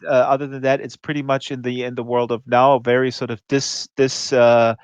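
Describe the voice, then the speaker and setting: A man hosts a casual interview at a middle pitch. He talks in halting bursts and restarts often. His voice comes through a dull, lo-fi mic with no room sound. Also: level tone, clean tone, no room sound. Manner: halting, stop-start phrasing. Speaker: host.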